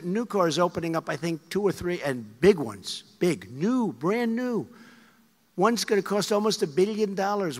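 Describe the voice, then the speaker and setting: A man in his seventies gives a rambling, emphatic rally speech to an audience in a large hall, repeating his phrases. His voice is high and a bit bright, and the recording has long hall reverb with a faint crowd.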